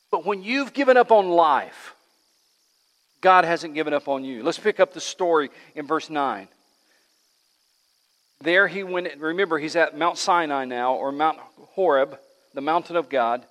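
A man preaching a sermon as pastor in a church, swinging between loud emphatic lines and hushed ones. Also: a little high, a little slow. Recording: long reverb of a large hall.

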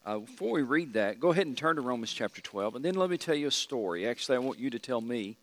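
A man's voice: mid-range voice, animated, quick pace. A middle-aged man teaching an evening Bible study class, asking the group questions and repeating key points.

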